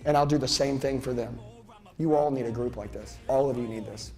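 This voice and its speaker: A man's voice: medium pitch, a little fast, darkish tone, faint music behind. A middle-aged man giving a profane, intense motivational seminar speech as a sales trainer, lecturing a live audience on a handheld mic.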